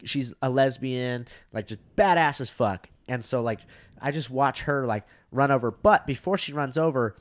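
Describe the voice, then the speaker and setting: A man's voice: medium pitch, moderate pace. A young man on a podcast telling rambling, profane stories in casual chat, full of fillers. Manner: profane, rambling, lots of 'like'. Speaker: podcast co-host, comedian.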